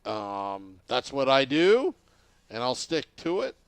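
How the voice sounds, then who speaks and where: A man's voice: medium pitch, wildly swooping pitch, takes it slowly, clean tone, no echo. A man in casual chat, speaking hesitantly in a dry, understated way.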